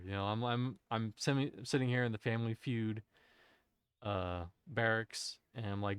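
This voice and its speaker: Man, game streamer, casual rambling chat, self-interrupting, smooth voice, dry sound. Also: fairly low pitch, fairly even intonation, normal speed, no echo. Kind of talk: casual live-stream chat while gaming.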